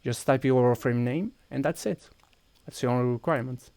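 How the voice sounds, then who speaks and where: A man's voice: medium pitch, a little fast, darkish tone, no echo. A man with a Portuguese accent streaming a game, walking viewers through each step while he clicks and thinks aloud. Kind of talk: casual live-stream chat.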